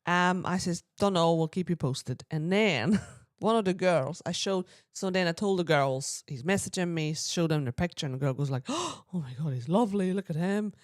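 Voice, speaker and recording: A woman's voice: lowish voice, normal speed, few pauses, no room sound, clean studio sound. A woman, co-hosting a podcast and telling a long personal story in casual chat, acting out the voices of the people in it. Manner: chatty, quotes people in lively voices, frequent throat clearing. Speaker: podcast co-host.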